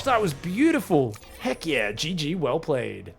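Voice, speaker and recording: A high-pitched man calls a live match in a put-on British accent over his native Australian one. He is jokey and excitable and keeps breaking into loud yells, with faint music playing under him. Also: measured pace, creaky, few pauses. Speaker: esports caster. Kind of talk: live game commentary.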